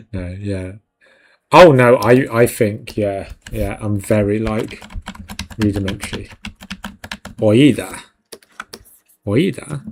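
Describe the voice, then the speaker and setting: A man's voice: on the low side, drawn-out words, pauses often, darkish tone, slight background noise. A man hosting a live stream, chatting casually and jokingly with viewers while he works, laughing often. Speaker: 3D art stream host.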